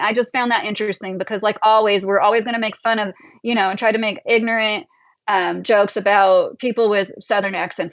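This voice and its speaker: A woman's voice: a little high, dry recording. A young woman hosting a livestream, talking through her opinions in a rambling, casual way and laughing often. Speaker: livestream host.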